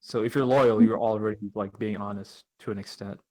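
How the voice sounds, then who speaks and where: A young man co-hosting a casual podcast over an online call, reading out listener questions in a relaxed, joking manner with plenty of slang. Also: fairly low pitch, a little fast, poor audio. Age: young adult. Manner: laid-back, jokey, slangy. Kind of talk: casual chat.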